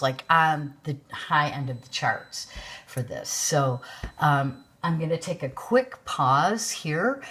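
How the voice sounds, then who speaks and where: A woman's voice: low voice, a bit bright. A woman hosting her own show, talking casually with many fillers. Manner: rambling, filler-heavy, unhurried. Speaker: podcast host. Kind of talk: casual commentary.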